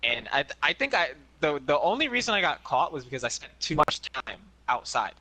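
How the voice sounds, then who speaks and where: Bright-toned young man rambling casually. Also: on the high side, big pitch swings, brisk. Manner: rambling, many restarts and fillers. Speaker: podcast co-host. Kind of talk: casual chat.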